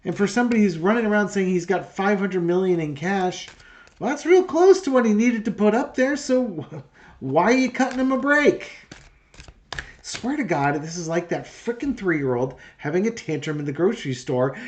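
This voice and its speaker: A man's voice: high-pitched, lively intonation, moderate pace. A man hosting his own tarot channel, talking casually and sarcastically, sounding exasperated and rambling through fillers as he sets up a reading. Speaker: tarot reader and channel host.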